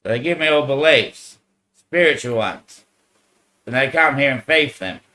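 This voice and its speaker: A man's voice: mid-range voice, lively intonation, a little slow, sharp tone, rough recording. A man speaking to viewers into a handheld microphone in a disjointed, rambling monologue. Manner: disjointed, loosely connected talk.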